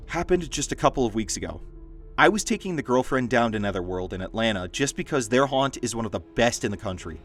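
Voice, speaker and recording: A man narrates funny stories in an animated, swinging voice of middling pitch. His delivery is lively, with dry, wry asides. Soft music plays faintly behind him. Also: brisk. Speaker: story narrator. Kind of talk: reading stories aloud.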